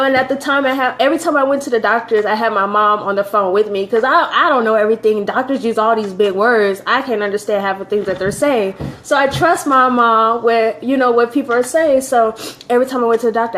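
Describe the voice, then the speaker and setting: Woman, personal faith testimony, earnest, emotional, repetitive phrasing, somewhat high voice. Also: quick pace, a bit bright.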